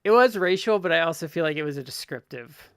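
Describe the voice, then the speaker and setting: A man's voice: on the high side, expressive, quick pace, fairly bright tone, clear, resonant tone, no room sound. A man co-hosting a casual wrestling podcast, chatty and filling his talk with "like". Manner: chatty, filler-heavy with "like". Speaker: podcast co-host.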